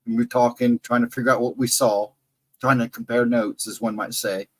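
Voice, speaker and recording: A man's voice: mid-range voice, fairly even intonation, fairly quick, husky, poor audio. A middle-aged man telling a personal encounter story in a casual, rambling way, correcting himself and adding asides. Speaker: storyteller on a live chat show.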